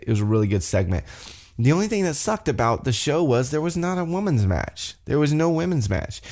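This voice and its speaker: A young man hosts a casual podcast recap, rambling excitedly and cursing now and then. His voice sits a bit low and sounds dark and mellow. He talks loosely, piling on asides. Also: gravelly. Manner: rambling, excitable, swears freely. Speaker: podcast host.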